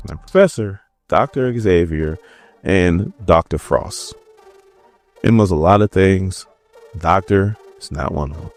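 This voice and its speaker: Deep-voiced, animated comics reviewer, a man. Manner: animated, joking storyteller. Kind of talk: casual comic recap commentary.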